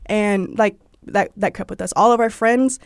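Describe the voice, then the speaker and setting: This interview guest is a young woman from Georgia, USA, whose Southern accent colors her casual storytelling about her own life. She talks at a moderate pace with medium pitch, using lots of "like" fillers and lively quoted voices. The audio is studio quality without echo.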